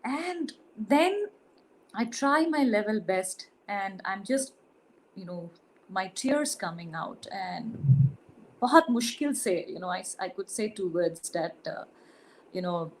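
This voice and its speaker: A woman with an Indian English accent giving an earnest, halting spiritual testimony, full of fillers and restarts. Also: medium pitch, expressive, a little hiss or hum, low-quality recording. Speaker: spiritual retreat participant sharing testimony. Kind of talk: emotional personal testimony.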